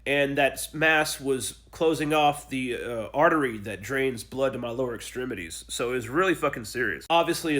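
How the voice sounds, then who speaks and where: A man's voice: medium pitch, fairly bright tone. A young adult man casually telling his own story in a blunt, profane, emotional way, acting out the people he quotes.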